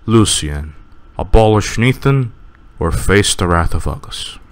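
A man voicing a cruel, arrogant tyrant king in a game playthrough, giving slow cold commands. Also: fairly low pitch, expressive.

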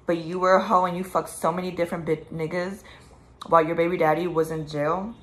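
A woman's voice: lowish voice, level tone, brisk, a bit bright. A young woman vlogging about her late best friend, tearful at times and then angrily cursing at people who hurt her. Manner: grieving then angry, profane ranting. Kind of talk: emotional direct-to-camera vlog.

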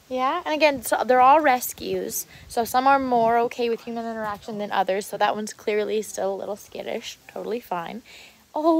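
A woman with a slightly high voice talks casually into a handheld phone as she streams live outdoors. She gushes and coos sweetly and keeps up an easy running commentary. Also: moderate pace, creaky. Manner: gushing, coos sweetly at cats. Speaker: livestreaming vlogger. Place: outdoor animal sanctuary.

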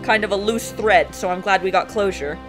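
A young woman talks through a story game in casual let's-play commentary, reacting excitably and stumbling over her words now and then. Her voice sits at an average pitch, heard close on a home microphone. Game music plays clearly beneath her. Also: moderate pace. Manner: excitable, chatty, reacting with little stammers.

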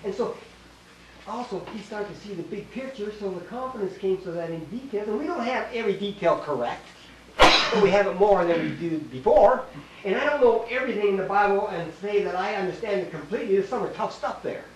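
A man's voice: high voice, animated, fairly quick. Older canadian guy teaching bible class, emphatic, keeps asking the room, echoey hall, mic far off. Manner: emphatic, repeats words, quizzes the audience. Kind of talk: church teaching session. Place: small church hall. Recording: echoey room, distant mic, faint hiss.

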